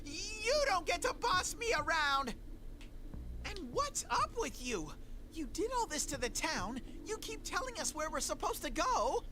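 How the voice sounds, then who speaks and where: Teddy, a squeaky excitable bear mascot. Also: male voice, unhurried, exaggerated voice. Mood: indignant. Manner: excitable, childlike, indignant outbursts. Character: boastful cuddly male bear mascot. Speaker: voice actor for a game character.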